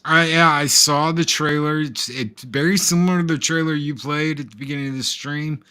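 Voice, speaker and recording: A man's voice: a little high, moderate pace, bright, forceful tone, smooth. A man in a casual film discussion, talking in a folksy storytelling way.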